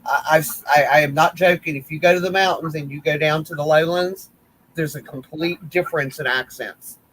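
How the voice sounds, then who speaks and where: A man's voice: fairly high pitch, steady tone, normal speed, fairly bright tone, slight background noise, rough recording. A man telling rambling, teasing stories in a casual group chat. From West Virginia. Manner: rambling storyteller, folksy, teasing. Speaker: crochet group admin.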